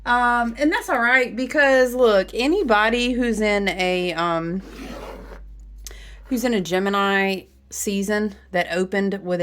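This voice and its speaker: A woman's voice: medium pitch, fairly bright tone. A woman, chatting playfully with viewers as a tarot reader, laughing often. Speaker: tarot reader and astrology vlogger. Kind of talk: casual chatty livestream talk.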